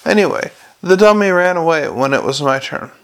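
A man's voice: a little high, lively intonation, brisk, fairly bright tone. A man voicing a scruffy male constable who talks in a sulky, whiny way.

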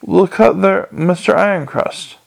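An earnest, courteous young watch captain from a storybook, as a man reads him. He speaks patiently and mildly, with a gravelly edge to a fairly high voice. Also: measured pace, full character voice, low-quality recording.

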